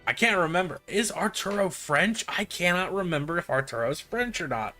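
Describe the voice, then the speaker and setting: A man's voice: high voice, lively intonation, normal speed, pushed and bright, faint music behind. A man streaming a video game, making joking, playful asides in casual commentary.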